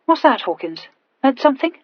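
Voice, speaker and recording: A woman puts on a brash, impatient young viscount, loud and offhand, his words coming out blunt. Her tone is husky and a touch breathy. The sound is dull and lo-fi in a dry, close space. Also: high voice, sing-song, a little fast, no echo, pitched above the performer's own voice.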